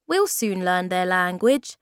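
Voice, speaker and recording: A woman's voice: fairly low pitch, big pitch swings, takes it slowly, clear, resonant tone, no echo, clean studio sound. A woman voicing a cheerful young male troll who speaks in an easygoing, confident way.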